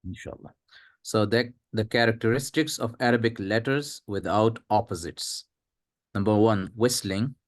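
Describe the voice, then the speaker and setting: A man reading a textbook aloud in class, halting over unfamiliar terms. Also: fairly low pitch, no echo, clean studio sound. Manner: reads lists haltingly, unsure of terms.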